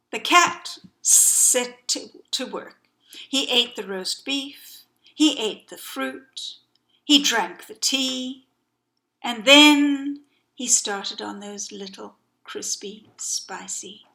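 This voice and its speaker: Expressive woman telling a folktale. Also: a little high. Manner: expressive, dramatic hushed whispers. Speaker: storyteller. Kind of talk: folktale told by heart.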